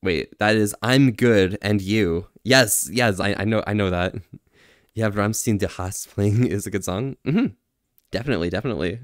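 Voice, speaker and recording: A man with a fairly low voice streams casually at a moderate pace, answering chat, laughing often and trying out phrases in other languages with self-deprecating humor. The sound is clean studio quality with no echo.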